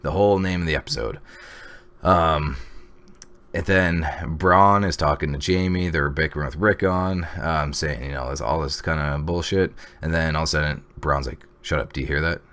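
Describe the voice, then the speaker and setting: A man casually recapping a TV episode, rambling with fillers and excited reactions. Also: a bass voice, moderate pace. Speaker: TV episode reviewer. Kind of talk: casual video review.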